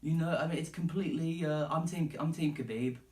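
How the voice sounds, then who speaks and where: A man's voice: on the high side, fairly quick, darkish tone, echoey room, recorded from a distance, rough recording. A man hosting a solo podcast, talking casually and emphatically, swearing and calling the listener "dude". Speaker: podcast host.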